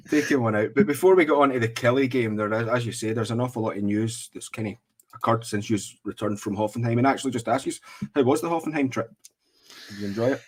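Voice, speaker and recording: A Scottish man hosting a football podcast, chatting casually with many ums and pauses. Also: mid-range voice, slightly rough. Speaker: podcast host. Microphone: podcast mic with earphones in.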